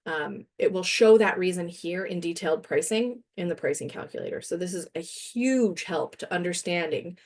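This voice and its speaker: Her lowish voice moves at a normal speed with few pauses. She's a woman trainer demonstrating software in a webinar, talkative and self-deprecating, occasionally laughing and slightly winded.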